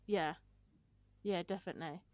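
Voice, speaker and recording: A woman's voice: on the low side, normal speed, a little mellow, no room sound, lo-fi sound. A woman, chatting frankly with her sister, swearing casually and acting out the people she quotes. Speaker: podcast co-host, sister. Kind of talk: casual chat.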